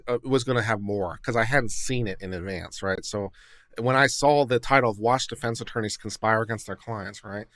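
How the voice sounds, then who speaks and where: A man's voice: on the low side, no room sound, studio quality. A man, an attorney, hosting a livestream and talking casually, full of fillers and restarts as he hedges and explains. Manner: conversational, hedging, many fillers and restarts.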